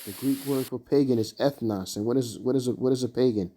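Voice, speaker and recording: A man leading an informal scripture study, halting and searching for words with many fillers as he reads and explains verses. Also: medium pitch, mellow. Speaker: Bible teacher.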